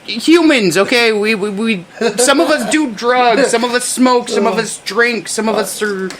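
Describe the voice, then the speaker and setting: A podcast co-host in loose, animated talk, swearing casually and trailing off mid-thought. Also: mid-range voice, measured pace, a little hiss or hum.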